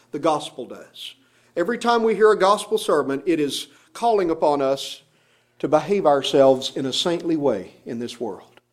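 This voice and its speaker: A middle-aged man, a pastor, preaching a sermon with rising emphasis and pointed rhetorical questions. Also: a little high.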